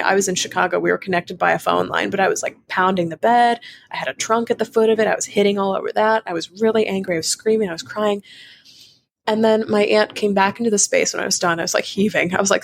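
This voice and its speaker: A young adult woman, a podcast guest, telling her story in a frank, animated conversational way with many fillers. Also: mid-range voice, vocal fry.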